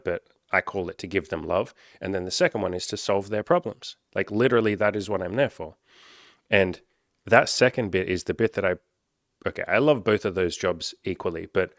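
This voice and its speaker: A man with a low, deep voice talks straight to camera about his coaching work. His delivery is casual and candid, with lively bursts when he acts out other people, and he swears freely. The sound is close and dry, with no room echo. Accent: Australian. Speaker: life coach and content creator. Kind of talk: casual talking-head monologue.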